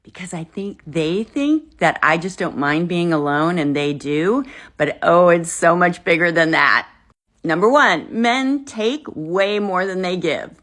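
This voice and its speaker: Female speaker, lower pitch, pointed and confiding to camera. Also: unhurried, a bit bright. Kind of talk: social media monologue.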